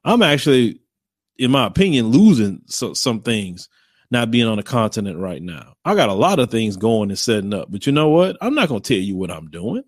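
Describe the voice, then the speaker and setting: A man's voice: fairly low pitch, big pitch swings, a little fast, no echo, studio quality. A man hosting a casual commentary show and talking bluntly to viewers. He rambles, repeats phrases and slips into mocking voices.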